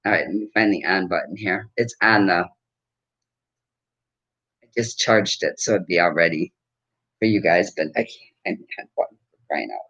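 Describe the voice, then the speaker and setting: A woman's voice: rumbling low, normal speed, pauses often, a bit bright, husky. A woman in her fifties chatting casually to camera at home, rambling and laughing often as she talks. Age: 50s. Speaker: vlogger. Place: at home with a dog. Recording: dull lo-fi recording.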